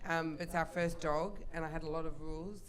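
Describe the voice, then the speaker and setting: A woman's voice: low voice, fairly even intonation, fairly quick, slight background noise. A woman chatting on a live comedy panel, gushing and laughing easily.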